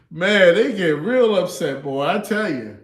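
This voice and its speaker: This livestream host, a man in his thirties, has a high, slightly bright voice that echoes around the room. His manner is relaxed and full of chuckles, and he keeps tacking "you know" and "man" onto what he says.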